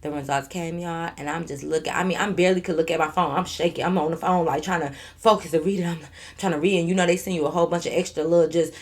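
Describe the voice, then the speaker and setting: A woman with a slightly low voice tells a story to her camera in a casual vlog. She is animated and blunt, swears freely and keeps turning to her audience. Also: quick pace. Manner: addresses viewers directly. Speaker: YouTube storyteller.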